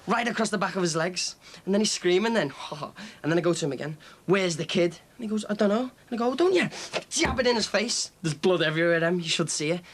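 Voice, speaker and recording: An actor playing a cocky young ex-con who brags about his violent exploits with a swaggering chuckle. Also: high-pitched. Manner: boastful swaggering storyteller, chuckling. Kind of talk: TV soap drama.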